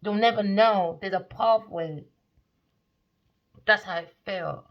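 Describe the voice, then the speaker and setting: A woman's voice: medium pitch, slow. A woman giving a rambling, emphatic, slangy tarot reading in casual monologue. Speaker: tarot reader. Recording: dull lo-fi recording.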